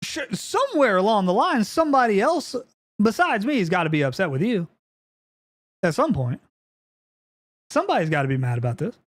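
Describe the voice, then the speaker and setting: A man's voice: very animated, a little fast, long pauses. Profane ranting man with a swooping voice. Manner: profane, heated, swings between yelling and low grumbling; repeats phrases and stumbles over restarts. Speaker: live streamer. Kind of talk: ranting live-stream monologue.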